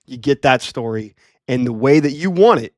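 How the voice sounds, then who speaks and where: A young man co-hosting a casual podcast, relaxed and enthusiastic, swearing casually. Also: medium pitch, moderate pace, no echo, studio quality. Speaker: podcast co-host. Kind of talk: casual chat.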